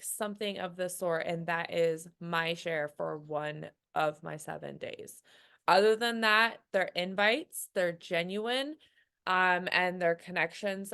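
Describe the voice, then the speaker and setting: A woman's voice: fairly low pitch, a bit bright, clean tone. A young adult woman sharing her experience on a team call in a candid, motivational way, often quoting her own thoughts. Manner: candid, quotes her own inner voice, frequent "like" and "um".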